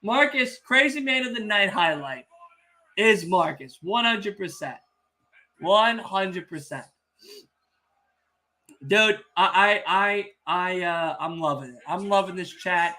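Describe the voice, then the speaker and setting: A young man hosting a casual wrestling podcast watch-along, telling stories excitably, swearing freely and teasing the chat. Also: high-pitched, takes it slowly. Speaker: podcast host.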